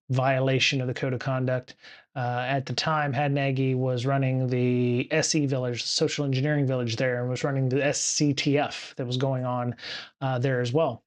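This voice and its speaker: A man hosting a casual livestream show, rambling with lots of fillers and restarts from a home studio. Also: mid-range voice. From United States. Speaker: podcast host.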